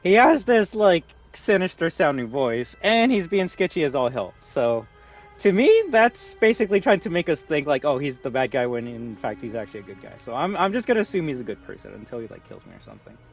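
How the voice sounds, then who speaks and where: A man's voice: a little high, big pitch swings, a little fast, soft background music. A young man streaming a horror game live, rambling and joking as he plays. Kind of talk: live gameplay commentary.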